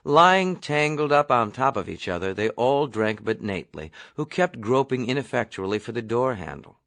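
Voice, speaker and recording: A man reading a novel aloud as an audiobook, in a measured storytelling delivery. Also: mid-range voice, sing-song, creaky, a bit bright, dry recording. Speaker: audiobook reader. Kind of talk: novel narration.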